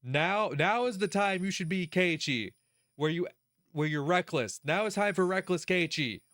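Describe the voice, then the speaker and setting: A man hosting a let's play, giving casual gaming commentary in an animated, profane way, laughing often and talking straight to the character. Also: high voice, moderate pace, no room sound, studio quality.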